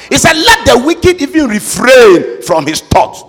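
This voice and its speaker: High, lively male preacher, husky; emphatic sermon with shouted peaks in a reverberant church. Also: unhurried, few pauses. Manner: emphatic, rises to shouts and sing-song, calls on congregation to repeat. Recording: reverberant hall with faint music.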